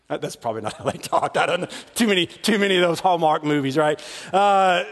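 High-voiced pastor in a reverberant hall. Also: male voice, expressive, brisk, hardly any pauses. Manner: conversational, repeats words, dramatizes. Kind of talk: sermon.

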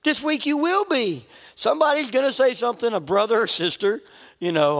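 A man's voice: extremely high pitch, animated, a little fast. A middle-aged man preaching a sermon in a church, conversational and joking at his own expense. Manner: conversational, joking, laughs at himself. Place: church sanctuary. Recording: long reverb of a large hall.

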